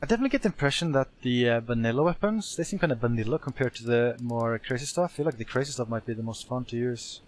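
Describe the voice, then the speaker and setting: Man, casual gameplay chat, excitable, quick bursts, faint background noise. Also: medium pitch. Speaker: friend playing the game.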